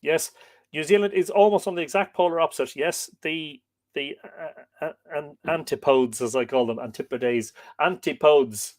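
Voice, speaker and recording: A man's voice: a little high, moderate pace, no room sound. A man hosting a live stream, reading a history book aloud and chatting with viewers' comments in a rambling, chatty way. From Ireland. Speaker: livestream host.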